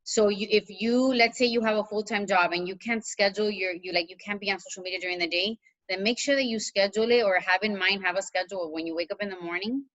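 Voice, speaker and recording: A woman's voice: mid-range voice, quick pace, few pauses, a bit bright, poor audio. A woman coach talking casually on a video call, chatty and encouraging, with plenty of fillers. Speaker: coach mentor.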